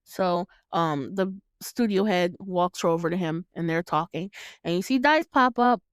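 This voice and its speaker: A woman with a fairly low pitch and lively intonation hosts her own podcast, recapping a film in casual chat at a measured pace. Her voice is smooth, and she swears freely, laughs often and acts out her reactions. The recording is dry and studio quality.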